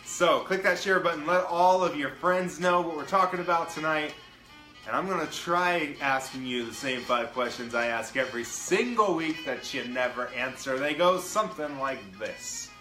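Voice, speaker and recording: A man's voice: on the high side, moderate pace, bright, forceful tone, roomy sound, faint music behind, poor audio. A man hosting his own live-stream show, chatting casually and greeting viewers by name in an upbeat way. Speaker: livestream show host.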